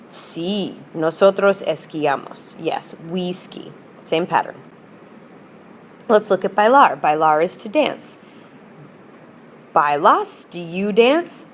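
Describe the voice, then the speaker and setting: Slight background noise accompanies a woman's fairly low voice as she teaches a language class. She repeats drills patiently and alternates between Spanish and English.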